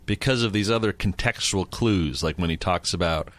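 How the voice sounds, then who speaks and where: A man's voice: low-pitched, moderate pace. A man hosting a conversation, summarizing and questioning his guest's points. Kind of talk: casual chat.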